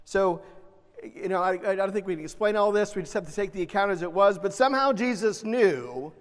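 A man preaching a sermon, animated, swinging between loud emphasis and soft, gentle asides. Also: high-pitched, fairly quick. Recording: long reverb of a large hall.

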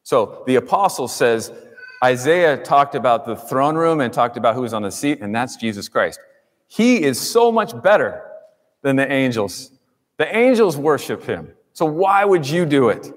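Male pastor, mid-pitched, emphatic sermon delivery, long reverb in a church sanctuary. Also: sing-song, normal speed. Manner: preaching with emphatic rises and drops, addressing the congregation. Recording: long reverb in a large room.

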